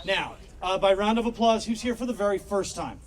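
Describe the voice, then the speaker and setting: Host, man, high voice, loose crowd banter at a patio comedy night. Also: fairly quick. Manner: casual, rambling crowd banter with fillers. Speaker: show host. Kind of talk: hosting a live comedy show. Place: outdoor patio comedy show.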